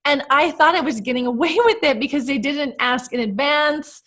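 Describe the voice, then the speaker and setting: A woman from the United States hosting a casual chat, telling stories with animated emotion. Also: sits high, normal speed. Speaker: host.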